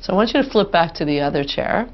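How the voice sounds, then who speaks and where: A woman therapist, calmly and steadily guiding a client through an exercise, on a dull lo-fi recording. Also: fairly low pitch, fast talker. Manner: calm, directive, steady.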